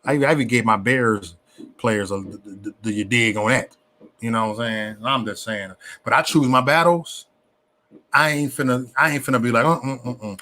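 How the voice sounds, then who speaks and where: A man hosting a casual livestream, talking in an animated, preachy way with lots of slang, repeating himself and stammering on restarts. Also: medium pitch, normal speed. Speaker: livestream host.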